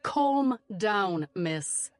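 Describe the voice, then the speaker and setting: A woman's voice: medium pitch, measured pace, no echo, lightly acted. A woman doing an indignant English man. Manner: indignant, defensive. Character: irritated young English man in a café.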